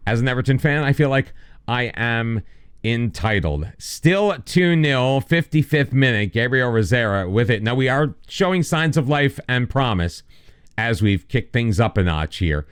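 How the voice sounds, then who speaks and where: A man's voice: mid-range voice, big pitch swings, measured pace, clean tone. An American man casually commenting over a football management game, mixing play-by-play calls with joking, self-deprecating asides. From United States. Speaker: gaming YouTuber.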